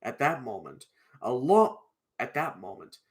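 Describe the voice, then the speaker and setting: Slow, bright male storyteller with a strained throat. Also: medium pitch, huge pitch swings. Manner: halting, with restarts and pauses. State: strained throat, clearing it often. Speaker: storyteller and live streamer. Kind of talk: reading a children's book aloud on a live stream.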